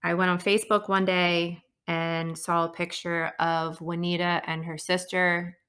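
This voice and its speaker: An earnest woman hosts her own podcast in a personal storytelling monologue. Her voice sits a little low but sounds bright and forceful. She pauses often with soft fillers as she reflects. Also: little pitch movement. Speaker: podcast host.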